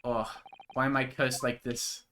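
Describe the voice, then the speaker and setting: A man's voice: mid-range voice, little pitch movement, unhurried, pushed and bright. A man voicing a melodramatic young male student who wails that he is cursed. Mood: sulky. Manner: theatrical, wailing.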